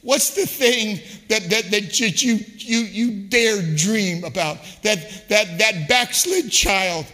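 A man preaching a sermon as a guest preacher, impassioned and rhythmic, rising to shouts, in a church. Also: sits high, takes it slowly, hardly any pauses, long reverb tail. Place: church sanctuary.

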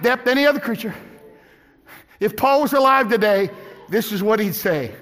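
A man preaching a sermon as pastor, swinging from shouted climaxes to hushed drops. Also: extremely high pitch. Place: church sanctuary. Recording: echoey hall with music and congregation.

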